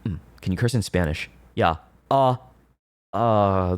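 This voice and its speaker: This VTuber streamer is a young man with a low-pitched, clear, resonant voice who speaks slowly, recorded close on a desk mic at home with no echo. He rambles through a casual livestream chat, reading confessions, laughing and cursing with his viewers.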